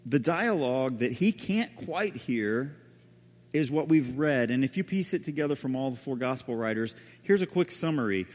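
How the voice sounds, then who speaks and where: A man preaching a sermon as a pastor, telling the story dramatically and often dropping to a hushed voice. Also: mid-range voice, lively intonation, normal speed. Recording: reverberant hall.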